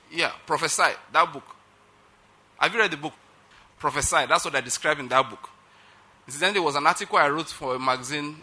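A middle-aged pastor preaches with emphasis in a sharp, slightly high voice. He keeps checking that his listeners are following his point.

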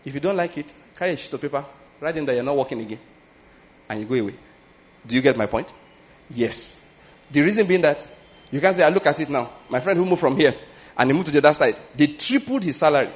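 A man's voice: on the high side, lively intonation, fast talker, pauses often, breathy edge. A middle-aged man with a Nigerian accent, preaching in a conversational teaching style and often checking that listeners follow him. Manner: conversational teaching, often asks if listeners get his point. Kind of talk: sermon.

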